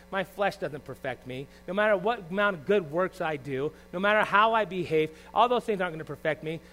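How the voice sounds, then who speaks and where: A man preaching a sermon to a church congregation, emphatic and conversational, asking rhetorical questions and swinging from loud rises to quiet asides. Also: high voice, low-quality recording. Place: church service.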